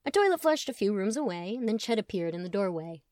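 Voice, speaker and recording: A woman's voice: mid-range voice, quick pace, dry recording, clean studio sound. Young woman reading her fan fiction aloud. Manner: playful, animated character voices. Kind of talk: casual storytelling read-aloud.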